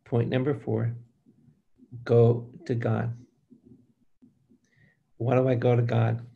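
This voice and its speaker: An older man, a priest, preaching a Bible study slowly and emphatically, speaking straight to his listeners and asking them for amens. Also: mid-range voice, completely flat delivery, gravelly, narrow, tinny audio. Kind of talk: preaching to a live group.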